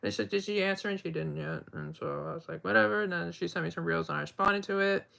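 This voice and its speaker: A man's voice: high voice, fairly even intonation, fast talker, gravelly, pushed and bright. A man on a livestream, rambling through a retelling of text chats with "and I was like.".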